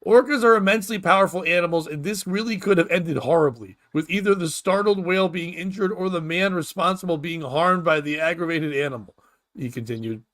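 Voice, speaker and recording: Speaking briskly in a high-pitched voice, this comedy podcast host reads out news stories and launches into profane, animated rants. He laughs at his own jokes.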